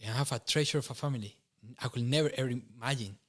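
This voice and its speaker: A man's voice: mid-range voice, quick pace. A young man from Costa Rica with a Costa Rican Spanish accent, telling his personal testimony in an interview, earnest and often laughing, correcting himself mid-sentence. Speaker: interview guest.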